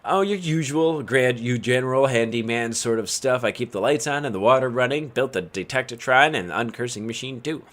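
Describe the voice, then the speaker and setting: A man's voice: medium pitch, brisk, hardly any pauses, a bit bright, close to an everyday voice. A man voicing an easygoing male handyman who talks in a folksy, chuckling way.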